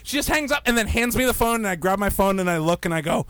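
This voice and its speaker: A man casually telling an anecdote among friends, animated and swearing as he acts out the people in it. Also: high voice, quick pace. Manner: animated, swearing, acting out voices. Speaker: storyteller.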